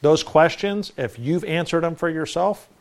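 A man's voice: a little high, moderate pace. A middle-aged male pastor preaching a folksy, conversational sermon with self-deprecating asides.

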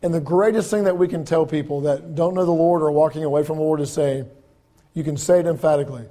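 A man preaching a sermon in a conversational way, repeating words and swinging between loud emphatic lines and soft, low ones. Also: fairly even intonation, quick pace. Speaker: pastor.

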